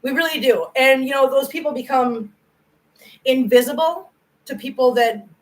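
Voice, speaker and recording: A middle-aged woman hosts a casual livestream and responds to viewer comments. She speaks earnestly and effusively, and her voice sits a little higher than most women's. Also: moderate pace, low-quality recording. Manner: earnest and effusive, emotional when praising viewers. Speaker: cat channel livestream host.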